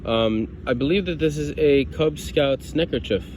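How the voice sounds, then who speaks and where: A man's voice: on the high side, a little slow, noisy background. A man from New York vlogging while metal detecting outdoors in a grassy yard. He chats casually to the camera, thinks aloud about each find and keeps calling his viewers guys.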